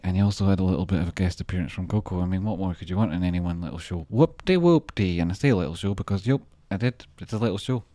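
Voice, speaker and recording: Male streamer, deep and low, dry close sound, loose rambling banter with chat. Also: mellow, no echo. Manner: rambling, joking, reacting to chat messages. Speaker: trading livestream host. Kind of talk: casual livestream chat with viewers.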